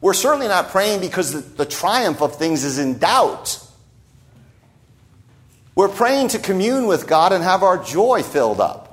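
A man's voice: high-pitched, sing-song, measured pace. A man preaching a sermon in a conversational way, often adding "right?" asides. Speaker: pastor.

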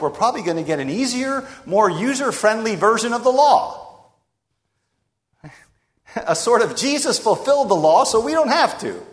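Man, preacher, sermon, rhetorical, dramatic pauses, high pitch, reverberant church. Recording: long reverb of a large hall.

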